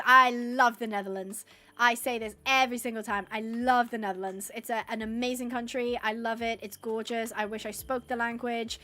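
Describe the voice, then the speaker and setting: A woman's voice: fairly high pitch, sharp tone. An English woman live-streaming a game, chatting casually and rambling, laughing often as she reads out the chat. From England.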